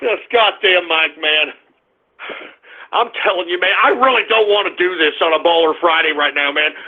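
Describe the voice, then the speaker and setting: A man's voice: a little high, normal speed. A man hosting a radio show, ranting and cursing at his chat room in exasperated anger. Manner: angry, exasperated, cursing, shouting at listeners. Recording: tinny phone-like lo-fi internet radio.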